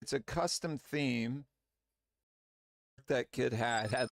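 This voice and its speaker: A man quietly mumbling to himself while working on his game. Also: mid-range voice, slow pace, vocal fry. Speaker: streamer coding a game.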